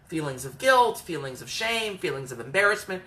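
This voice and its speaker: A woman with a low voice but a bright, forceful tone, hosting a live advice stream. She speaks earnestly and encouragingly, and greets viewers by name as she answers them. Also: sing-song, normal speed. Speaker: host and coach.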